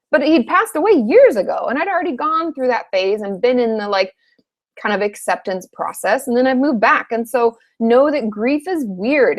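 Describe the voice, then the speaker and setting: In a frank, chatty live Q&A, a thirtysomething therapist from Washington state takes viewer questions with the occasional casual curse. Her voice is a little high.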